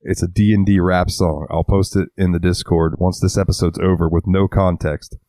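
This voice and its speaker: A man's voice: low-pitched, fairly even intonation, normal speed, warm tone, no echo. A man co-hosting a casual podcast, rambling and swearing freely, acting out little quotes as he talks. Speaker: podcast co-host. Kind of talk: casual chat.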